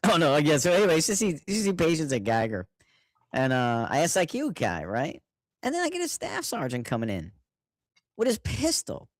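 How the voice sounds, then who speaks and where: A man's voice: on the high side, wildly swooping pitch, moderate pace, no echo. A middle-aged man in casual chat, rambling through anecdotes and chuckling often.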